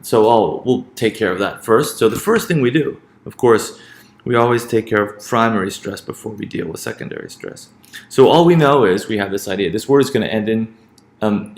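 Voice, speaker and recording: A man's voice: on the low side, vocal fry, darkish tone, roomy sound. A man teaching a lesson on word stress, hesitant, often repeating words and checking in with "right?".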